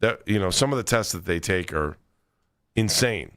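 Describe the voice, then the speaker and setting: A man's voice: low-pitched, lively intonation, moderate pace, a bit bright, clean tone, dry recording, studio quality. A male sports radio host talking casually, often restarting his sentences. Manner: conversational, stammering restarts.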